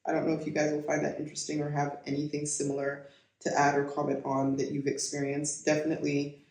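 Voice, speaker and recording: A middle-aged woman from Kenya co-hosting a podcast in casual chat, animated, laughing often and restarting her sentences. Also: sits low, quick pace. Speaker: podcast co-host. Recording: echoey room.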